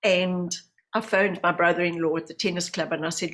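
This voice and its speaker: A woman's voice: fairly low pitch, moderate pace. A woman in her fifties with a New Zealand accent, a podcast guest telling personal stories and acting out the voices of people she quotes. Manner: animated storyteller, acts out quoted voices. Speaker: guest, medium and hypnotherapist. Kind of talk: storytelling in a podcast interview.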